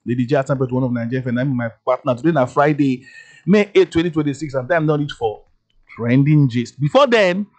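A man's voice: mid-range voice, a little fast. A man with a Nigerian accent hosting a radio show, chatting casually and joking, often checking "you understand?". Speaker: radio host. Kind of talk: casual radio chat in Pidgin English.

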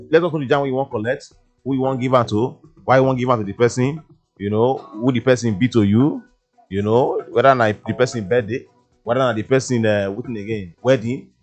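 A man with a Nigerian Pidgin English accent, hosting a casual radio show in a studio, chatty and playful, with many fillers. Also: fairly low pitch. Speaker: radio DJ host. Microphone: studio mic.

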